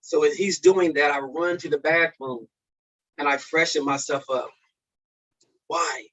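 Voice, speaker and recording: A man sharing a personal testimony as a speaker at a men's conference, swinging from loud peaks to hushed lows. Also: steady tone, measured pace. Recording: dull lo-fi recording.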